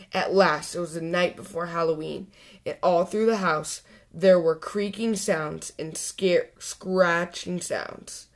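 A woman hosting a children's story channel, reading a picture book aloud clearly and expressively. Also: on the low side, a little slow.

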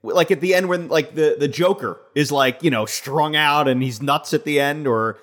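A man's voice: a little high, moderate pace, a bit bright. A man co-hosting a podcast, chatting about wrestling in a loose, rambling way with lots of filler words. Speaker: podcast co-host. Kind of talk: casual wrestling chat.

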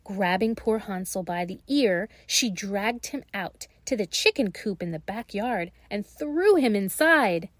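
A woman reading a fairy tale aloud in a slow, gentle and expressive way. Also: mid-range voice, no room sound. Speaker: storyteller.

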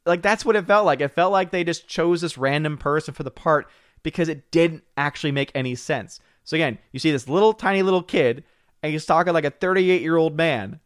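Excitable man chatting on a live stream. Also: a little high, smooth, no room sound, studio quality. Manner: excitable, repeats words while rushing to the point. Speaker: live stream host reading viewer chats. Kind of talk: casual live stream chat.

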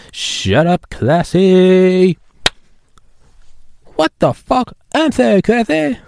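A man voicing squeaky, crude, bickering cartoon children in high, shrieking tones. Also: creaky, no echo, studio quality, heavily acted. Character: shrill squabbling cartoon kids, crude and bratty.

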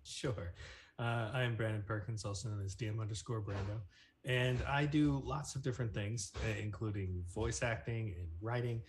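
A man's voice: on the low side, moderate pace, slight background noise. A man, a voice actor and producer, chatting casually in an interview with lots of fillers and a self-deprecating manner.

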